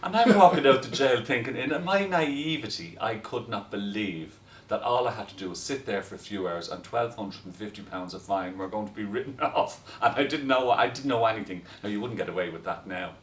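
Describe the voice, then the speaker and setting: A man tells a story in a lively, chatty way, with a lowish voice. He sounds a little distant from the mic in a roomy, echoey space with faint background noise. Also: brisk, hardly any pauses. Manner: lively storyteller, breaks into laughter. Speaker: guest telling stories. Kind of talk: casual anecdote.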